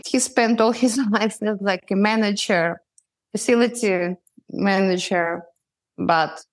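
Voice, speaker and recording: A middle-aged woman from Ukraine with a Ukrainian accent, a guest answering interview questions haltingly as she searches for words. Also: on the low side.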